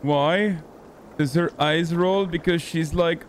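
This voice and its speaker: A man's voice: on the high side, fairly even intonation, slow, slight background noise. A male streamer giving joking, self-mocking commentary while playing a video game. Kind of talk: gaming livestream commentary.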